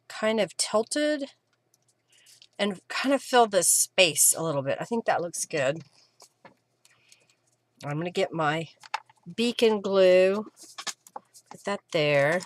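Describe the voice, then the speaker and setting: A woman's voice: a little high, bright, forceful tone. A middle-aged woman, chatting casually and answering viewer comments as she works on a craft live stream. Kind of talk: casual chat while crafting.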